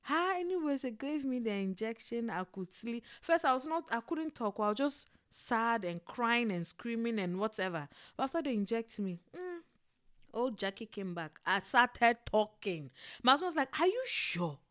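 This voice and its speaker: Animated woman telling a personal story. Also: fairly high pitch, moderate pace. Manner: animated and expressive, with exclamations and laughter.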